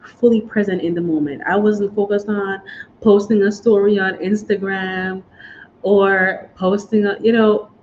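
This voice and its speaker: A woman's voice: mid-range voice, steady tone, measured pace, darkish tone. A woman vlogger from the United States talking in a casual, chatty, emotional way, often saying y'all and guys. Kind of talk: casual chat. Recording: dull lo-fi sound with faint noise.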